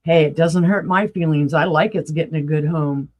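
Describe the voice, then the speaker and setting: A woman selling vintage items on a live stream, chatty and excited as she describes each piece. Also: sits low, normal speed. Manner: excited, chatty, rattles off item details. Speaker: vintage seller. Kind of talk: live-stream sales pitch.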